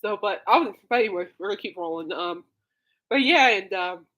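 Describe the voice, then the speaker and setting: A woman's voice: mid-range voice, expressive, fairly quick, fairly bright tone. A woman hosting a casual solo podcast, gushing and rambling with many fillers, breaking into coughing fits. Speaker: podcast host.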